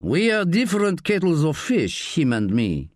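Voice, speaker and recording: A man's voice: fairly high pitch, normal speed, no echo, clean studio sound, voice pushed up. A man putting on a clipped, menacing Eastern European bar owner. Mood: cool menace. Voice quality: clipped, deadpan. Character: cold wiry male bar owner, menacing.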